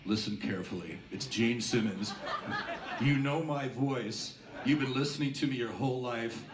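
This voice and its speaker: A man doing an impression of a famous rock star, speaking low, slow and solemn. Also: reverberant, recorded from a distance, background noise, close to an everyday voice.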